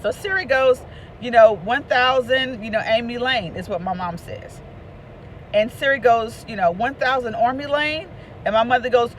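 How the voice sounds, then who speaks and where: A woman, an author and speaker, telling a lively personal story and hollering out the voices she quotes. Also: a little high, moderate pace, background noise. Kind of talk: casual storytelling.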